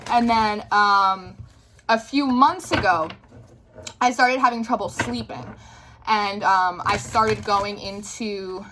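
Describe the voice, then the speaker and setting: A woman's voice: medium pitch, slow, background noise. A young woman, a tarot reader, telling a story to camera in a casual, chatty way full of fillers, with the odd swear.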